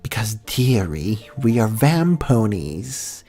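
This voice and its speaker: A man voicing a haughty vampire mare in a stiff put-on British accent, speaking slow and clear as if to a fool. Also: on the low side, big pitch swings, dark tone, faint music behind, full character voice. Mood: commanding.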